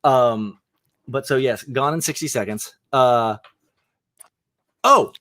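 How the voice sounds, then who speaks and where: A man's voice: mid-range voice, slow, bright, forceful tone. A young man hosting a casual movie chat, enthusiastic and rambling, with lots of fillers and restarts. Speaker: podcast host.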